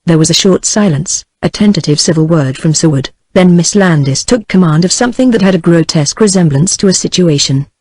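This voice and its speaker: A woman's voice: lowish voice, a little fast, hardly any pauses, dry recording. Synthetic British woman narrating a novel. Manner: even, synthetic text-to-speech reading. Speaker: audiobook narrator. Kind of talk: scripted narration.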